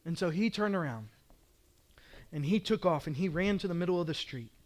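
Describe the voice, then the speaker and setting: High-voiced man preaching with passion. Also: lively intonation, fairly quick. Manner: passionate, emphatic preaching with repeated declarations. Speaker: pastor. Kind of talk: sermon.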